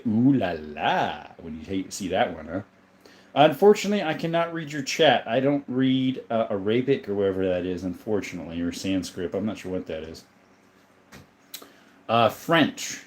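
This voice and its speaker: A man's voice: fairly low pitch, darkish tone. A man in his thirties from southern Arizona, chatting casually on a livestream, greeting viewers by name and showing his collection. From southern Arizona, USA. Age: 30s. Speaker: livestream host and gun collector. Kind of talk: casual livestream chat reading comments.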